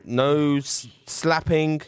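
A man hosting an improv comedy show, excitable, yelping and laughing along. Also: on the high side, drawn-out words, clear, resonant tone. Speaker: host.

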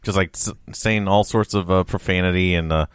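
A man's voice: low-pitched, steady tone, fairly quick, clean tone, no room sound, clean studio sound. A man co-hosting a casual film podcast, raising curious, musing points.

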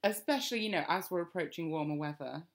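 A woman's voice: fairly low pitch, quick pace. A young woman with a Northern English accent, co-hosting a chatty podcast and laughing often. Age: young adult. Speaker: podcast co-host. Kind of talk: casual chat.

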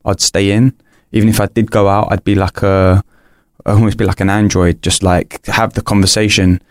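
A man's voice: fairly low pitch, flat delivery, normal speed, no echo, studio quality. A young man, a podcast guest, candidly telling a personal story in an earnest, rambling way, full of restarts and fillers.

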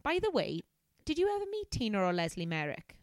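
A woman voicing a brisk woman private investigator in a comic reading of a detective novel. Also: mid-range voice, wildly swooping pitch, dry recording, studio quality. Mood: inquisitive.

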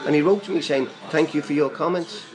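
Older fast-talking man. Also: fairly high pitch, music in the background, low-quality recording. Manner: rambling, chatty, laughing storyteller. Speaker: guest fan. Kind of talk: casual storytelling.

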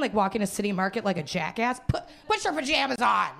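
A woman's voice: medium pitch, animated, quick pace, creaky, a bit bright. A young woman from Winnipeg performing a live stand-up set on a small theater stage, rambling and self-mocking, laughing through her lines. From Canada, Winnipeg. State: hungover. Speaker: stand-up comedian.

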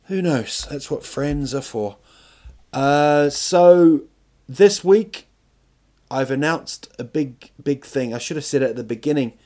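A man's voice: mid-range voice, normal speed, hardly any pauses, a little mellow. A man hosting a podcast, telling a rambling comic story about himself with lots of filler words. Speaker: podcast host and comedian.

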